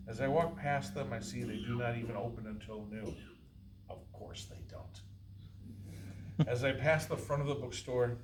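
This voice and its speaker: A man reading his own first-person novel aloud at a college faculty reading, with a dry, wry delivery. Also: mid-range voice. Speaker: author reading his fiction. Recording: roomy, distant, faint hiss.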